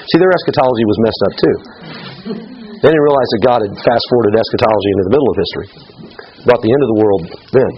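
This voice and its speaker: A man's voice: medium pitch, animated, fast talker, slight background noise. A middle-aged man teaching a Bible study lesson in a conversational way, often checking in with his listeners, in a slightly muffled recording.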